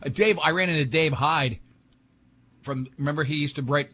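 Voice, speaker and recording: Radio host, male, husky voice, rambling anecdotes in loose studio banter. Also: a little high, normal speed, bright, forceful tone. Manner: rambling storyteller, many restarts.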